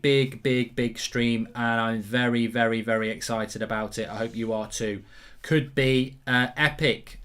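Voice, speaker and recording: A man hosting a live football watchalong stream, who talks in an excitable, rambling way and reads out viewers' chat comments. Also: medium pitch.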